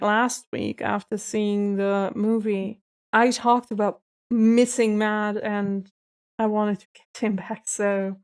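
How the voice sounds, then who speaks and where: Slow, gushing woman reviewing a show. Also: medium pitch. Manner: gushing, emotional, laughs often, slow and effusive. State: close to tears. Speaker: reaction video host. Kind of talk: emotional reaction review.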